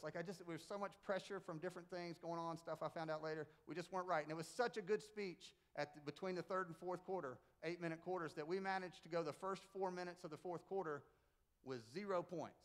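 Middle-aged male preacher with a high voice; chatty sermon, animated storytelling, punchy jokes. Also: fast. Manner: animated storyteller, emphatic, jokey asides. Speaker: pastor and basketball coach. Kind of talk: conversational Easter sermon. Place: church sanctuary with congregation.

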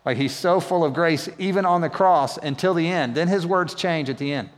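A man's voice: a little high, a little fast, few pauses. A man preaching a sermon in a casual, conversational way, often asking the congregation questions. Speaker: pastor. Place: church hall. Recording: long reverb of a church hall.

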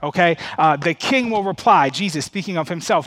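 A man's voice: on the high side, animated, brisk, hardly any pauses, fairly bright tone. A middle-aged man preaching a conversational sermon, full of stammered restarts and "okay?" check-ins to the congregation. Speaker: pastor.

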